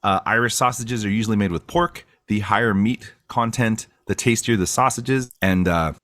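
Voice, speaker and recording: A podcast co-host with a lowish, slightly bright voice chats casually at normal speed, rambling with plenty of fillers. The recording is dry and has a clean studio sound.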